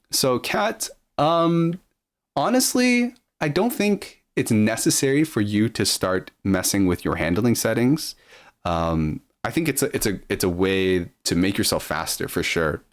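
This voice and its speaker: A man with a deep, low-pitched voice, talking casually on a live stream. He reads viewer messages aloud and answers them loosely, with plenty of ums and restarts. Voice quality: low speaking voice.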